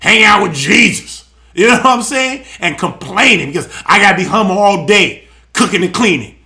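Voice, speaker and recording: A man mimicking a nagging wife who complains in a loud, whiny, accusing voice. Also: mid-range voice, animated, normal speed, gravelly, voice pushed down.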